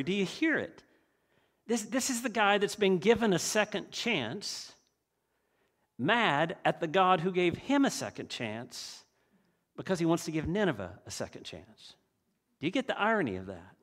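A man's voice: fairly high pitch, lively intonation, normal speed. Earnest man preaching a sermon. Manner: earnest, asks the listeners rhetorical questions. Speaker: pastor.

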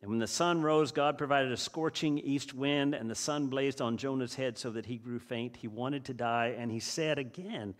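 A man's voice: medium pitch, moderate pace, few pauses. A man preaching a sermon as a pastor, earnest and asking the listeners rhetorical questions.

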